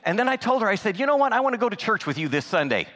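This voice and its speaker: A man's voice: high-pitched, big pitch swings, racing, sharp tone, big-room sound, voice pushed up, exaggerated voice. A man voicing a young female waitress who is overwhelmed and in debt, in a raised, breathless storytelling voice. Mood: amazed.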